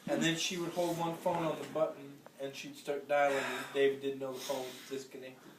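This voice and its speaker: A woman telling a comic story live, animated and laughing as she goes. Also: extremely low pitch, brisk, background noise. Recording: echoey room, far mic, loud crowd.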